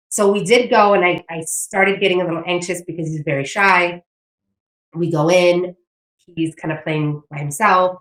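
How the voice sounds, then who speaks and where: A woman's voice: lowish voice, steady tone, normal speed. Candid woman, echoey room. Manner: candid, speeds up when telling stories. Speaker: podcast co-host. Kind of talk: casual chat.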